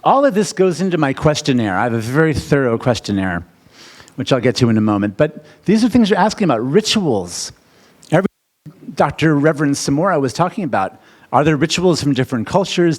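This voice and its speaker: This middle-aged American man talks fairly quickly as a wedding officiant addressing a live seminar. His manner is showy and lively, and whenever he asks the audience something, his voice shoots up loud and high.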